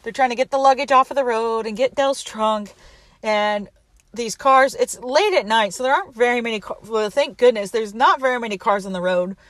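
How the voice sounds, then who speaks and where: Chatty young woman, casual movie recap, slightly high voice, dry close sound, laughs a lot. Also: normal speed, no echo. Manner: chatty, laughs often, quotes characters in lively voices.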